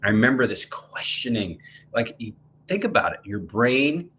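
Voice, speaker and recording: A middle-aged man teaching mindfulness, speaking in a halting, heartfelt way with many restarts. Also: medium pitch, very animated, fairly bright tone, slight background noise. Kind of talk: reflective teaching talk.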